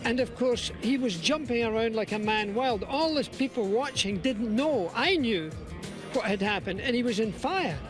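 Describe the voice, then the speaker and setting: An older Scottish man tells a lively story in an unusually high voice. Music plays clearly in the background behind his speech. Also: normal speed. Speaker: racing broadcaster, guest.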